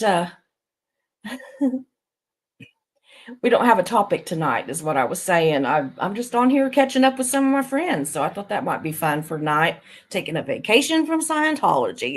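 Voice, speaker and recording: Southern lady chatting on a live stream, kinda nasal, lowish voice, rambles and laughs a lot. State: a little nasal from allergies. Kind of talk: casual chat on a live stream. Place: bedroom of a vacation stay.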